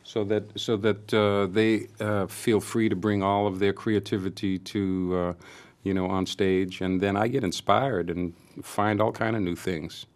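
Older guy with a boston accent, lowish voice, chatting loose, lots of restarts and uhs. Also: little pitch movement. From Massachusetts, US. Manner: halting, many restarts and fillers. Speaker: interview guest, jazz pianist. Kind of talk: casual conversation.

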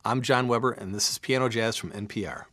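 A man's voice: mid-range voice, quick pace. A man hosting a radio music show, interviewing a guest in an enthusiastic, admiring way. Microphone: studio microphone.

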